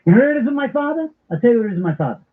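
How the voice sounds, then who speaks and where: A middle-aged man hosting a talk radio show, telling stories in an animated, comic way. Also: very high voice, very fast. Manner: animated storyteller with comic impressions. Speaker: radio host. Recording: tinny phone-like broadcast audio.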